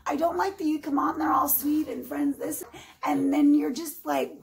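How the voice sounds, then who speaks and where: A woman's voice: sits high, fairly even intonation, normal speed, vocal fry, rough recording. A woman in her forties ranting on her own vlog, emphatic and sarcastic, speaking straight to her critics. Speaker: vlogger. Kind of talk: heated casual vlog rant.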